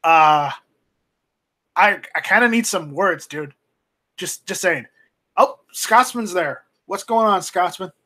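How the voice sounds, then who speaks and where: Halting, rambling man hosting a live stream. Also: sits high, animated, bright, forceful tone. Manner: halting, rambling, with many restarts and fillers. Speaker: live-stream host reading viewer chat. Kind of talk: casual live-stream chat. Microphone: home streaming mic, voice only, off camera.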